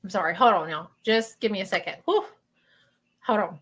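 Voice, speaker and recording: A woman with a Southern US accent hosting a live stream of spiritual readings, talking in an emotional, halting way that repeats itself. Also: mid-range voice, fairly bright tone, husky. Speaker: host doing spiritual readings. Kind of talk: live-stream chat with viewers.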